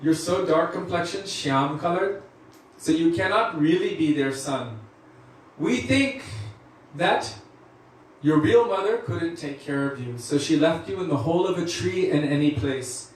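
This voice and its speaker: A man's voice: a little high, a little slow, a little hiss or hum, natural voice. A man voicing a group of teasing cowherd boys in a devotional story, in a mocking tone. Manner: mocking, knowing. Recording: echoey room from far off.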